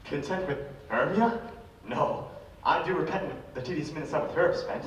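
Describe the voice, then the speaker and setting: An ardent young lover, acted by a man, declaims his lines in a somewhat high voice. He is heard from far across an echoing school auditorium. Faint room noise runs underneath. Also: moderate pace, lightly acted. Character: ardent young male lover, smooth-talking. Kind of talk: live stage play. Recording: echoey hall from far off.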